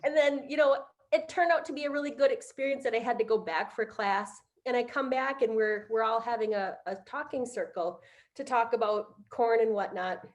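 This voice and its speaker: A middle-aged woman on a video call, telling a heartfelt personal story on a panel, halting with many fillers. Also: on the high side. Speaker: conference panelist.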